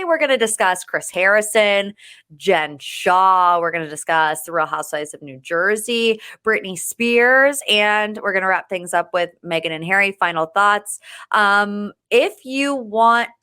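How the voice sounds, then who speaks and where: A woman's voice: medium pitch, animated, normal speed, pushed and bright, clear, resonant tone. A woman hosting a pop-culture podcast, chatting casually in a bubbly way and often saying "like". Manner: chatty and bubbly, with frequent "like" fillers. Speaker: podcast host.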